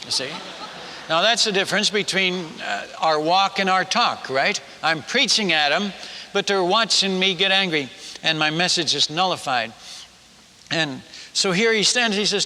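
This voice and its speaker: A male missionary preacher telling a story in a sermon, animated and self-mocking, with frequent halting restarts. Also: high-pitched, big-room sound.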